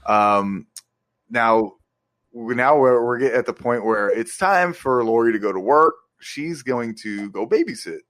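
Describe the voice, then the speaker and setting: A man's voice: mid-range voice, measured pace, a bit bright. A young man co-hosting a podcast, casually retelling movie scenes with plenty of swearing and laughter. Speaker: podcast co-host. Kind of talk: casual movie review chat.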